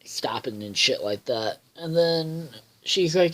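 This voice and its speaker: A man's voice: fairly high pitch, animated, slow pace, fairly bright tone, poor audio. A man casually recapping a cartoon episode, rambling with lots of fillers, swearing freely and losing his train of thought. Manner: loses track and backtracks. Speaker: episode reviewer.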